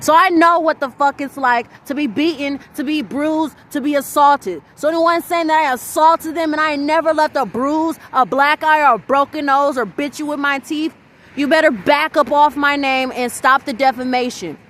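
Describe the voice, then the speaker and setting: A woman's voice: sits high, steady tone, moderate pace, fairly bright tone. A woman ranting indignantly to camera about losing her children, emphatic and rambling, swearing as she goes. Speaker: mother venting on video. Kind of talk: angry personal rant to camera.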